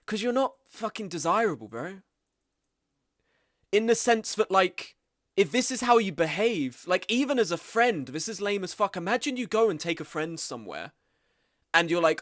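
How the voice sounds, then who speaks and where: A man, streaming and chatting casually, animated and blunt, with frequent swearing and mimicking of others. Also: moderate pace, dry recording, studio quality. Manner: animated, swearing, acts out quoted people in higher voices. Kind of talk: casual live-stream commentary.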